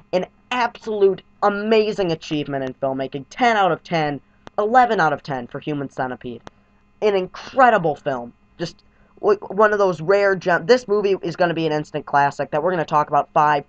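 A man reviewing a movie in a vlog, heaping deadpan, over-the-top praise on it and repeating himself. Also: on the high side. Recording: dull lo-fi home recording.

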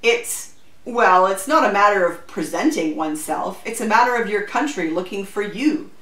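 A woman's voice: mid-range voice, animated, moderate pace, a bit bright, roomy sound, far from the mic, lightly acted, low-quality recording. A woman voicing a polite, flustered young male official.

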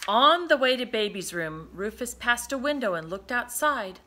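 A woman reading a children's picture book aloud in an expressive, sing-song manner. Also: on the high side, normal speed. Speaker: storybook reader. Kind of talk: children's read-aloud narration.

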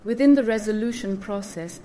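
A woman's voice: mid-range voice, fairly quick, warm tone, slight background noise. Emphatic woman explaining in casual talk. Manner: emphatic, repeats for stress, awkward phrasing. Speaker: spiritual channel host.

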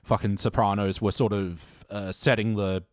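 A man's voice: lowish voice, little pitch movement, normal speed, no room sound, clean studio sound. A man co-hosting a podcast in casual chat, laid-back and often swearing and laughing. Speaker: podcast co-host.

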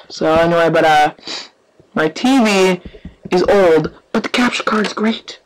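An excitable host talks through live gameplay in a rambling, offhand way, full of fillers. The voice sits at a middling pitch and keeps lurching from sudden yelps to hushed whispers. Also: unhurried, slight background noise, low-quality recording. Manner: yawning, offhand chatter with many fillers. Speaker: gaming channel host.

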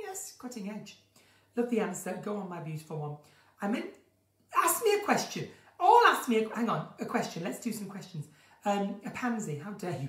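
A woman hosting a casual live chat from home, reading out viewer questions and answering them in a chatty, theatrical way. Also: mid-range voice. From northern England. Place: at home, room with a window to her garden. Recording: roomy, distant home stream audio.

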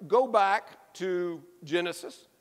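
A man preaching a sermon as a pastor, telling a story with lively emphasis and repeated phrases. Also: high voice, slow pace. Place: church. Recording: echoey church hall.

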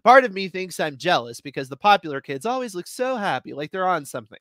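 A man giving a live reading of short stories, with expressive first-person narration. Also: sits high, fast, dry recording. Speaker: reader.

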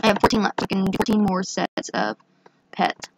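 A young woman with a hoarse voice, chatting excitedly through her gameplay with lots of fillers. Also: mid-range voice, normal speed, heavy background noise. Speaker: gaming channel host. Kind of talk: casual gameplay commentary.

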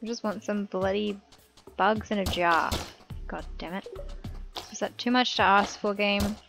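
A woman's voice: mid-range voice, steady tone, measured pace, gravelly, music in the background. A woman giving rambling, giggly commentary while playing a video game. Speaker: gaming YouTuber. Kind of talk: casual let's-play commentary.

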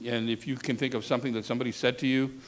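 A man's voice: medium pitch, flat delivery, very fast. Frank male talent coach teaching. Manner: candid, conversational, frank asides. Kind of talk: instructive classroom talk. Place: university classroom session.

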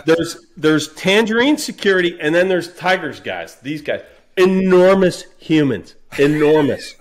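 A man on a casual podcast who tells stories with lots of energy. His voice sits a little above average in pitch, and he brings his anecdotes to life. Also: unhurried. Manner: animated, acts out voices in anecdotes. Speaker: podcast co-host. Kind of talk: casual storytelling chat.

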